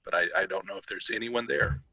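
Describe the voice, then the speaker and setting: A man's voice: low-pitched, animated, fast, pushed and bright, slightly rough, dry recording, lo-fi sound. A man playing his character in a tabletop role-playing game, speaking in a hesitant, polite way. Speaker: player.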